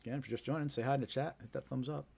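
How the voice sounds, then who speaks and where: A man with a New Jersey accent talks to his viewers in an easygoing, conversational way, circling back with "you know" and restarting his sentences. His voice sits at a middling pitch for a man. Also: steady tone, very fast, gravelly, warm tone, husky. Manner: chatty and conversational, many fillers and repeated starts. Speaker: host of a scam awareness live stream. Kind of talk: casual live-stream chat.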